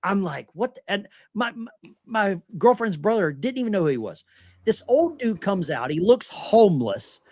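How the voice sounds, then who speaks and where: Middle-aged American male host, lively storyteller, fairly high voice with big pitch swings. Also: normal speed, no echo. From United States. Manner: animated anecdote-telling, acting out quoted voices. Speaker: podcast host. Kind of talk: casual storytelling chat.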